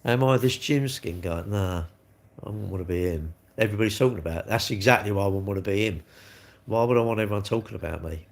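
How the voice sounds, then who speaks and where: A man's voice: on the low side, fast, vocal fry. A man, chatting casually on a live stream, rambling and blunt as he answers comments. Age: 60s.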